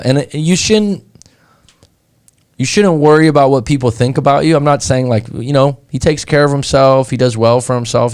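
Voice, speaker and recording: A man from California, a breakup coach hosting a show, chatting casually and telling stories in an animated way. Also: mid-range voice, dry recording, clean studio sound. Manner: animated, conversational, acts out anecdotes. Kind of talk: casual chat, storytelling.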